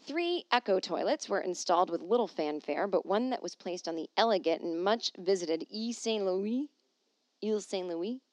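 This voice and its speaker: A woman's voice: medium pitch, expressive, moderate pace, dry recording. Wry, chatty woman talking solo. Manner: wry, chatty, jokey asides while reading. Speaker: podcast host. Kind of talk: casual solo podcast chat, reading an article aloud. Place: at home.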